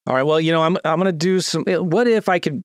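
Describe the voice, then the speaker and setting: A man's voice: a little high, fast, no room sound. Man teaching sales calls, dry close mic. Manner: acts out phone lines in a lifted, eager voice; fillers and restarts, talks through a script. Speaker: real estate investor teaching sales calls. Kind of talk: screen-share teaching, casual.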